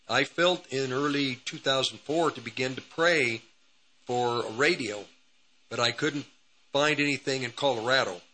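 A man's voice: mid-range voice, bright, forceful tone, slight background noise, rough recording. A man hosting a radio ministry program, telling a personal testimony in a rambling, repetitive way. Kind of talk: testimony storytelling.

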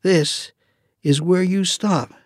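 A man voicing a calm, brave young male hero who speaks earnestly and plainly. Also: high voice, slow, no echo, studio quality, voice pushed up. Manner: steady, earnest, rising to loud declarations.

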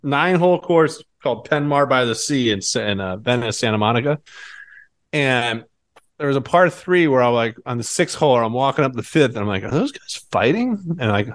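A man's voice: medium pitch, animated, brisk. A man in casual chat, telling a story with animation, laughing as he goes and acting out the voices of the people in it. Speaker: podcast co-host.

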